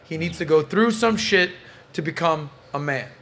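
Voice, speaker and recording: A man's voice: a little high, normal speed, creaky, a bit bright. A man hosting a casual podcast panel, blunt and joking, swearing freely. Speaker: podcast host.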